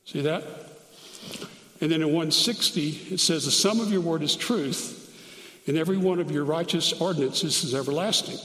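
A man teaching through Bible verses, reading scripture slowly and adding grammar notes aloud as he goes. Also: on the high side, a bit bright. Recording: echoey hall, long reverb.

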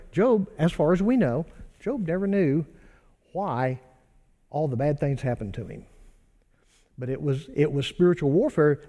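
A man's voice: a little high, a little mellow. Conversational male pastor, reverberant hall. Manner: conversational, asks rhetorical questions and answers them. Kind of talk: sermon.

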